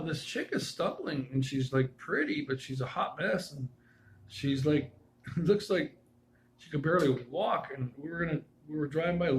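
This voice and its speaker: A man's voice: a little high, rough recording. A man with a slightly raised voice tells a casual, loose story from his own life. He wanders off into asides and restarts as he goes. A faint hum sits behind him.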